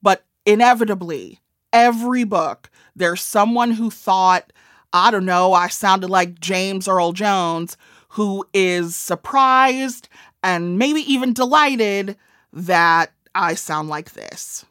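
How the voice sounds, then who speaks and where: An author and comedian in her forties with a Midwestern American accent chats wryly and self-deprecatingly in a casual interview. Her voice is medium-pitched, slow and a bit bright, recorded in clean studio sound without echo.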